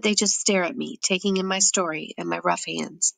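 A woman giving steady, measured first-person audiobook narration. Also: lowish voice, vocal fry, no echo.

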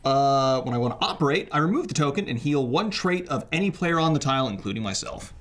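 A man playing in a board game session, giggly and animated as he reads his card. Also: medium pitch, fast talker. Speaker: player.

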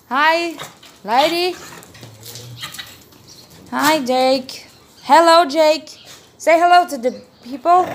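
A woman's voice: high-pitched, a bit bright, slight background noise. A young woman with a Brazilian accent, a native Portuguese speaker, vlogging casually and coaxing her pets with affectionate baby talk.

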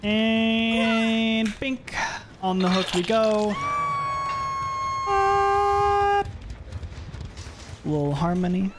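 Streamer, male: high, bouncy voice, unhurried delivery, noisy stream audio. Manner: animated, playful, yells at the game. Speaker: livestreamer. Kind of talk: live gameplay commentary.

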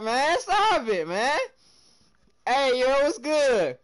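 A young man from the American South streaming a game live, chatting with his viewers in hyped, slangy bursts that swing between loud and soft. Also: very high voice, very animated, slow pace, clear, resonant tone.

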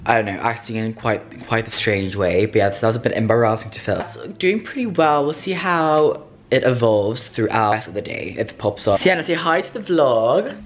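A man's voice: mid-range voice, animated, a little fast. A young man from Sweden talking to camera in a casual vlog, dramatic, camp and self-mocking, swearing often. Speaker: vlogger.

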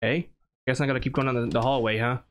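A man playing a horror game and commenting as he goes, talking to himself and jumping to high squeals when scared. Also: fairly even intonation, racing, noisy background. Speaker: gaming YouTuber.

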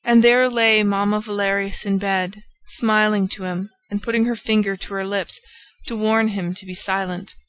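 A woman's voice: mid-range voice, fairly even intonation, normal speed, poor audio. Woman narrating a classic novel. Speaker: audiobook narrator. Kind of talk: scripted narration.

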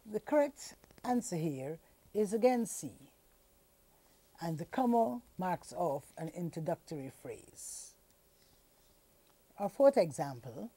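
Woman teacher from Guyana, deliberate scripted lesson reading, mellow low voice, dry close sound. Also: breathy edge, dry recording. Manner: slow, deliberate reading with lively dictation-style emphasis.

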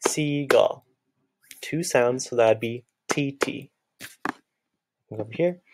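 A man's voice: medium pitch, moderate pace, darkish tone, slight background noise. A man teaching a children's music lesson, patiently clapping out words and chanting their syllables.

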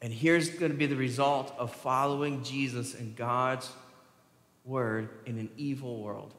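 A man preaching a sermon to his congregation, animated and asking them questions as he goes. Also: mid-range voice, unhurried. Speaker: pastor. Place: church sanctuary. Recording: echoey long reverb from a church hall.

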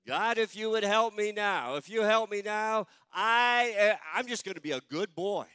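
Man doing a desperate begging sinner, high whiny pleas, loud, smooth clear voice. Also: expressive, normal speed, no echo, studio quality. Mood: pleading. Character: desperate man bargaining with God.

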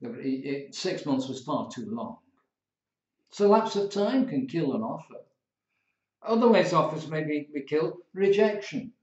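A man's voice: fairly high pitch, unhurried. Man lecturing in a roomy space. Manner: playful, animated storytelling with acted examples. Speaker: law tutor. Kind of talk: recorded lecture. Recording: roomy, dull lo-fi lecture recording.

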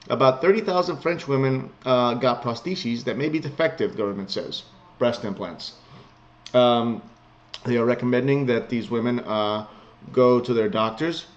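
A man giving casual, sarcastic commentary on news stories from home. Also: mid-range voice. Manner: sarcastic, blunt, chuckles often. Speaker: vlogger reading news. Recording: slightly muffled lo-fi home recording.

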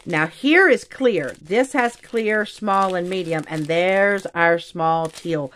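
A woman chatting excitedly to viewers while unboxing craft kits, calling them y'all. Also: fairly low pitch, slow pace. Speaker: craft channel host. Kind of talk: casual unboxing chat. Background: crinkling bags.

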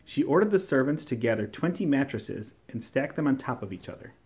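A man reads a fairy tale aloud to children, his mid-pitched voice rising and falling with lively expression. He tells the story with care and clear storytelling emphasis. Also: fairly quick, slight background noise. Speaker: storybook reader.

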